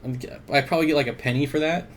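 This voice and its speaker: A man's voice: on the high side, fast talker, slight background noise. A man hosting an aquarium livestream in easygoing, casual chat. He reads viewer comments aloud, greets people by name and chuckles often.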